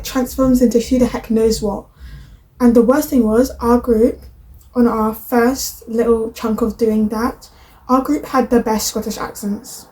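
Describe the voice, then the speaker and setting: A woman's voice: fairly high pitch, mellow, a little hiss or hum, low-quality recording. A young woman, chatting in rambling asides as she reacts to clips. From Britain. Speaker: reaction video host. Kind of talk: casual reaction commentary.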